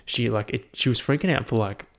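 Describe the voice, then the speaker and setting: A man's voice: medium pitch, a little fast, vocal fry. Rambling, swearing young man. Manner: rambling, profane and laughing at his own stories. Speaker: vlogger. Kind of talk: casual solo year-review chat. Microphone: headphone mic.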